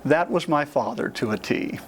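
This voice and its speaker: A man fondly tells a story about his late father in a gentle manner. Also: medium pitch, normal speed. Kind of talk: storytelling anecdote.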